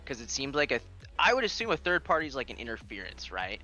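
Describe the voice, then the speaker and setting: Lively bright-voiced man co-hosting. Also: medium pitch, fast, muffled recording, soft background music. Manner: laughs often, animated storytelling. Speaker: co-host. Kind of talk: casual gaming chat.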